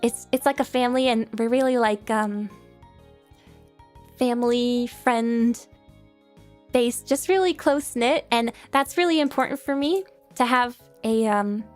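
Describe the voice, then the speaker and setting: Giggly high-voiced woman streamer. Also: unhurried, soft background music. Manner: giggly, rambling, self-deprecating. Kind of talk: casual chat reading viewer questions.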